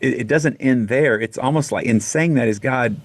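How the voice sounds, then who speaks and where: A middle-aged man from Texas telling a personal story in a casual radio interview, animated and full of restarts. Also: medium pitch, moderate pace, no room sound. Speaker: guest singer.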